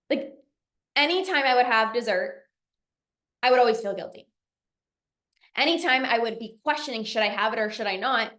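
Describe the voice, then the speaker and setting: A woman's voice: a little high, expressive, moderate pace, pauses often, fairly bright tone, echoey room. A young adult woman coaching in a masterclass, telling a story emphatically and acting out her own inner voice. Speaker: binge eating coach.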